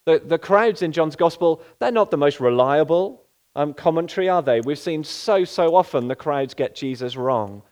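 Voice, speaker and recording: A man's voice: fairly high pitch, expressive, moderate pace, a little mellow. Earnest preacher man. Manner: earnest, with rhetorical questions. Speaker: pastor. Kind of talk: sermon.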